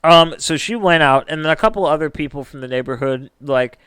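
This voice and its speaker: A man hosting a casual podcast, telling a story in an animated way with drawn-out emphasis. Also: a little high, clean tone, dry recording. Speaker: podcast host.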